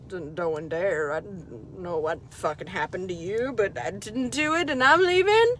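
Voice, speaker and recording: A woman's voice: medium pitch, lively intonation, unhurried, a bit bright, slight background noise, pitched below the performer's own voice. A woman voicing a sheepish, mumbling pet dog. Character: sheepish male pet dog, dopey and defensive.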